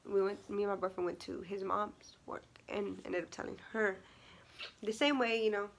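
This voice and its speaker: A woman's voice: mid-range voice, fairly even intonation, normal speed, creaky. Chatty young woman telling a story. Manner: chatty, many fillers and laughs, acts out quotes. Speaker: vlogger. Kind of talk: casual storytime vlog.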